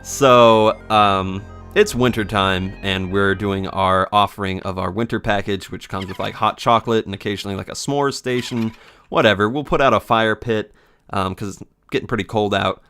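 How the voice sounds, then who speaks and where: A man's voice: on the low side, steady tone, normal speed, a bit bright, faint music behind. A man in his twenties, a game commentator telling a casual story in a sarcastic, profane way. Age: 20s.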